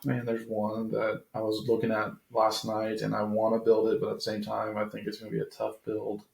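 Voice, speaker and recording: A man chatting casually while drafting teams for a tabletop game, relaxed and a bit halting. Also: on the low side, gravelly, a little hiss or hum, rough recording. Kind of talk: casual chat.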